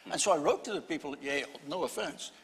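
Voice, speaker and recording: A man's voice: on the high side, lively intonation, a crowd in the background. Older man, restarting often, in a reverberant hall. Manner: halting, many restarts, wry storytelling. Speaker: historian panelist. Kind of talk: panel discussion. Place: event hall, live panel. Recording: long reverb of a lecture hall.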